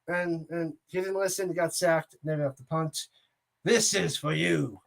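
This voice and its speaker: Guy doing goofy play-by-play at a watch party, rambling jokes, yelling on the big catches. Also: sits high, unhurried, gravelly. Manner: jokey and excitable, rambles between plays; shouts on big plays. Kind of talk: casual play-by-play commentary.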